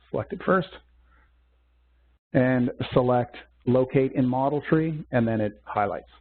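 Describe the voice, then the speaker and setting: A man teaching a software demo in a webcast, walking through steps methodically with small fillers. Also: mid-range voice, husky. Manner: methodical step-by-step explaining with fillers. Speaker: software instructor. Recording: tinny phone-like webcast audio.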